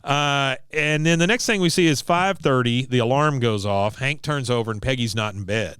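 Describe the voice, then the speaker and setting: A man hosting a podcast, recapping an episode in a casual, animated way. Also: mid-range voice, moderate pace, clear, resonant tone, no room sound, studio quality. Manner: animated, laughing storyteller. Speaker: podcast host.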